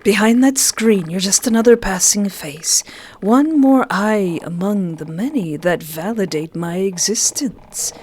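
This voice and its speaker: A woman voicing a mocking, manipulative male angelic being who talks in a slow, smug, taunting way. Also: on the low side, lively intonation, a little mellow, rough recording.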